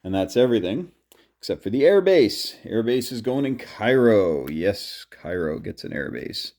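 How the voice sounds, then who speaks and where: A man's voice: medium pitch, darkish tone. A man casually narrating his turn in a board game, counting out his moves aloud as he plays.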